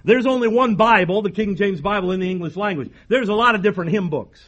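A man's voice: high-pitched, quick pace, fairly bright tone. A man preaching a sermon as pastor, emphatic, repeating phrases and firing rhetorical questions at the congregation.

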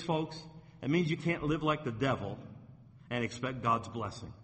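A man's voice: fairly high pitch, a bit bright. A man preaching a sermon as a pastor, reading scripture and pressing his points with rising force. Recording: long reverb of a church hall.

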